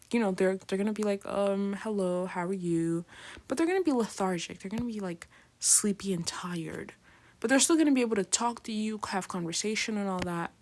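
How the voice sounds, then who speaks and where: A woman teaching a casual lecture, chatty and full of fillers, often checking in with "right?". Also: mid-range voice. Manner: chatty, filler-heavy, keeps asking "right?"; acts out patients in slangy voices. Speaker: nursing lecturer.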